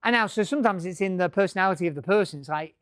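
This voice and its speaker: A man's voice: high voice, very fast, a bit bright, dry recording, studio quality. A middle-aged man giving a business talk to a live audience, joking and swearing freely. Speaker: business speaker.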